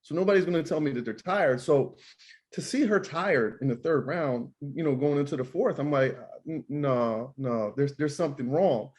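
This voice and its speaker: A man's voice: a little high, moderate pace, a little mellow. Emphatic man, a boxing trainer. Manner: emphatic, repeats words and restarts often. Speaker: boxing trainer and manager, interview guest. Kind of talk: casual interview chat.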